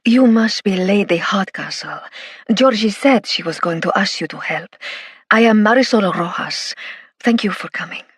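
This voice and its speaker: A quick-tempered Chilean woman, voiced by a female narrator, speaks with a heavy Spanish accent and a slightly husky tone. Her lines are clipped and formal, and the voice sounds low and set back in an audiobook reading. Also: animated, no echo, clean studio sound. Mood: brusque, formal. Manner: abrupt, apologetic.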